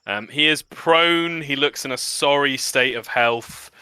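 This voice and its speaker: A man's voice: medium pitch, unhurried, bright, forceful tone, clean tone, no echo. A man narrating a tabletop game as game master, describing scenes with frequent ums.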